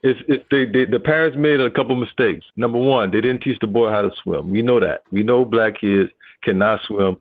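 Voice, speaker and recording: A man's voice: mid-range voice, normal speed, dry recording. A man calling into a casual debate, insistent and repeating his phrases. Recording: tinny phone-line audio.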